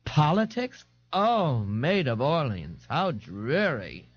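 A flamboyant young dandy gushes in a high, swooping, sing-song voice full of breathy gasps and theatrical delight. He teases with mock horror, and every phrase swings up and down. The dry, slightly dull 1989 audiobook tape sits close and unadorned. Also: very animated, takes it slowly, exaggerated voice. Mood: breezy. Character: flamboyant, giddy young man, teasing and theatrical. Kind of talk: audiobook character voice.

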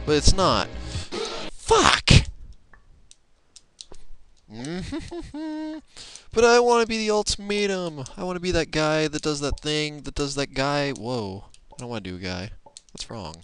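A young man casually commenting on a platform game, excitable, muttering and swearing at it, recorded on a laptop microphone. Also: fairly high pitch, normal speed, smooth, faint music behind. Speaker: let's play gamer.

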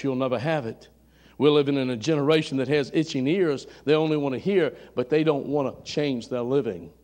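A man's voice: on the high side, warm tone. A man preaching a sermon in a church, fervent and calling out members of the congregation by name. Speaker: pastor. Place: church sanctuary.

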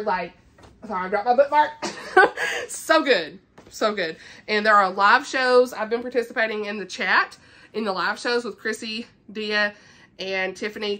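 A woman's voice: medium pitch, bright, forceful tone. A woman book vlogger chatting casually and enthusiastically about what she is reading. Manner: gushing, enthusiastic, with filler likes. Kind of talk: casual book chat with a read-aloud passage.

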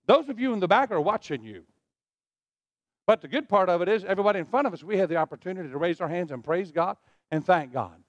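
A man's voice: high-pitched, animated, fast talker, no room sound, muffled recording. A middle-aged male pastor preaching a sermon, leading the congregation in call-and-response. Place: church sanctuary.

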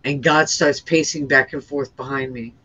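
A woman's voice: a bass voice, fairly even intonation, moderate pace, fairly bright tone, breathy edge, lo-fi sound. A woman guest earnestly recounting her near-death experience, intense and emotional, often restarting her sentences. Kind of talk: emotional first-person storytelling.

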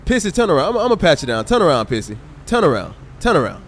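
A male streamer with a high, bouncy voice that swings all over as he reacts. He plays a highway patrol officer in a game and chats loosely with his audience. Faint game noise hums behind him. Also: very fast. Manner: animated, exclaiming, talks to chat and game characters. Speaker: streamer role-playing a state trooper. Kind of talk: casual live-stream gameplay chat.

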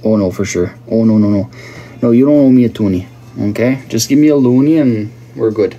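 A man's voice: fairly low pitch, brisk, muffled recording. A man hosting a casual livestream, chatting and joking with viewers as he reads their comments. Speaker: livestream host. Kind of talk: casual live chat reading viewer comments.

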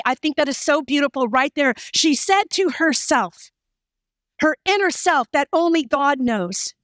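A woman's voice: high-pitched, no room sound, clean studio sound. A woman pastor preaching a passionate, emphatic sermon full of repeated phrases.

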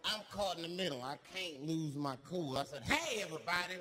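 A man doing stand-up, telling a story and acting out the people in it with shouts and gasps. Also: a little high, expressive, fairly quick. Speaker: stand-up comedian. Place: comedy stage before a live audience.

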